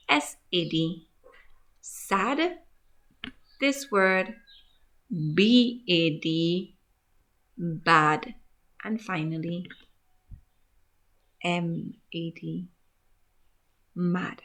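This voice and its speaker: A woman teacher slowly sounding out letters and words in a gentle, encouraging phonics lesson for young children. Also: medium pitch. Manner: gentle, encouraging, asks questions to young pupils. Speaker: grade one teacher.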